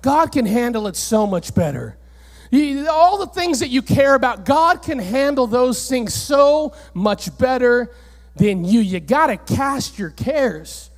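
A male pastor preaching a sermon in a church, animated and rising to near-shouts on key points. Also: very high voice, unhurried. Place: church sanctuary, on stage. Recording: church hall reverb.

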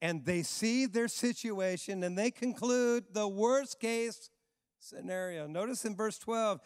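A male pastor preaching a sermon in an emphatic way, repeating phrases and dropping low for stress. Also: takes it slowly, smooth, no echo, studio quality, big-room sound.

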